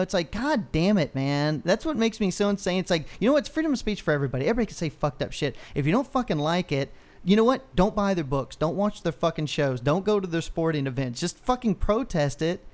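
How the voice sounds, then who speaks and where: A man co-hosting a casual podcast, his voice pitched a bit high. He rants loosely, swearing freely and circling back through long, rambling stories. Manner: profane, ranting, animated storyteller. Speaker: podcast co-host. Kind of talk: casual chat.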